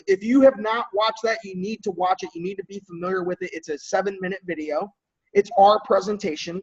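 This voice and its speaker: Man, team coach: husky, higher-pitched, conversational, dull lo-fi audio a bit off-mic. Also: darkish tone, far from the mic. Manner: conversational, checks in often with "right?" and "okay?"; clears throat often. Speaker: team coach leading a training call. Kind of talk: casual coaching talk.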